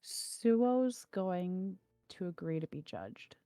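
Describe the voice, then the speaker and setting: A woman playing a tabletop game, chatty and excitable. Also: on the low side, drawn-out words, no echo, studio quality, faint music behind. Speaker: player. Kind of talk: casual tabletop play.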